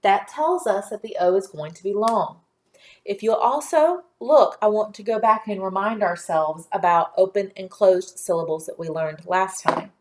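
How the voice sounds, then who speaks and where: A woman teaching a phonics lesson to young children in a patient, clear teacher voice, sounding out letters one by one. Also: medium pitch, lively intonation, moderate pace.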